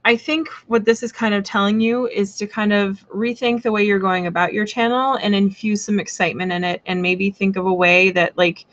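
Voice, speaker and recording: A woman's voice: mid-range voice, highs cut off. A woman hosting a live tarot reading stream, talking in a chatty, rambling way with lots of fillers, blunt and playful. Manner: blunt and playful, swears casually.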